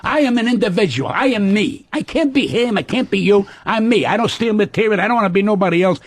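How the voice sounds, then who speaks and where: Husky, lively-voiced older man, profane. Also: high-pitched, fast talker. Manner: profane, blunt, animated storytelling. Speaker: comedian guest. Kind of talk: casual radio chat.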